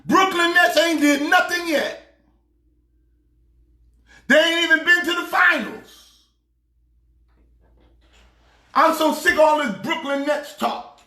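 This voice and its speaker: A man doing a shouting high-pitched pastor. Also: measured pace, echoey room. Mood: ranting. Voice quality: preachy, shouting rant. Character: loud excitable male pastor sports fan. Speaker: comedic sports pastor character. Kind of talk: comedic sports rant.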